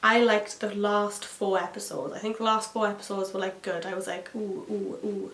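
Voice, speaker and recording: A woman's voice: medium pitch, steady tone, fairly quick, a bit bright. A woman vlogging a chatty makeup tutorial, rambling with gossipy asides and plenty of fillers. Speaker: beauty vlogger. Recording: echoey room with faint hiss.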